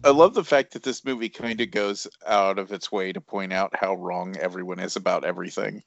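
A man's voice: low voice, steady tone, a little fast, creaky. A man chatting through a casual movie commentary, swearing freely and laughing at the film. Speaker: podcast co-host. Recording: dull lo-fi dry recording.

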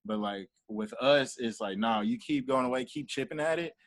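A man's voice: mid-range voice, moderate pace, no echo. A young man, a manager and entrepreneur, talking casually in an interview and acting out quoted dialogue as he tells his stories. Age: young adult. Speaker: guest, entrepreneur and artist manager.

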